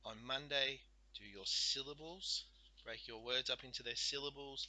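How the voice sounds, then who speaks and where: A man teaching a recorded spelling lesson, speaking slowly and carefully and sounding out letters and syllables one by one. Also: medium pitch, steady tone, sharp tone, no echo, rough recording.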